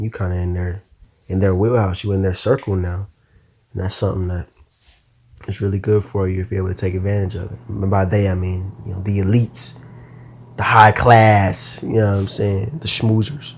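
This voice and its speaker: Tired, laid-back young man, low voice. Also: darkish tone. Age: young adult. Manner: laid-back, slangy, tired and yawning, mumbles off at times. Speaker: podcast host. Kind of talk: casual solo podcast rambling.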